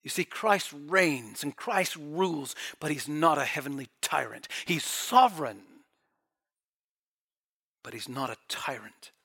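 A man's voice: on the high side, lively intonation, unhurried, husky. A male preacher delivering a dramatic sermon, dropping to near-whispers and then surging with fervor. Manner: dramatic, swings from quiet whispers to fervent bursts.

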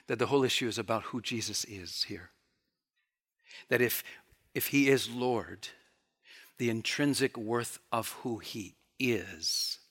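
A man preaching a sermon, breaking into loud, excited bursts and then dropping to hushed, quiet emphasis, with playful mock taunts when he acts out quoted speech. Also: slightly rough. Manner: animated, swings from loud bursts to hushed lows.

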